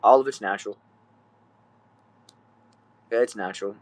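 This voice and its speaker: A man's voice: on the low side, moderate pace. A young man from Texas with a Southern accent, chatting easygoing on a livestream from a small back shed, reading viewer comments and saying y'all and bro. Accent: Southern US, Texan. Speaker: livestream host.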